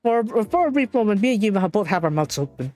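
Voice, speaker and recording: A woman streamer reading and translating a visual novel live in a playful, animated way. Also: medium pitch, fast talker, soft background music. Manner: playful, animated, laughs often.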